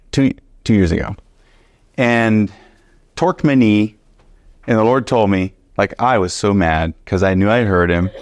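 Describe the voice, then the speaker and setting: A man teaching a Bible study, telling a personal story in an animated, conversational way with many fillers and restarts. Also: medium pitch, no echo, studio quality.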